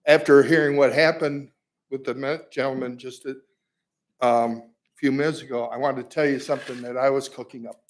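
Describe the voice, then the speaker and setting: A man stepping up to the podium mic in a council chamber to share an idea with the council. He rambles a little, doubling back on his sentences with a self-deprecating edge, and his pitch sits right in the middle range. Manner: rambling, self-deprecating, speaks in loose restarts. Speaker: resident speaking at public comment. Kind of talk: public comment at a council meeting. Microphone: podium microphone.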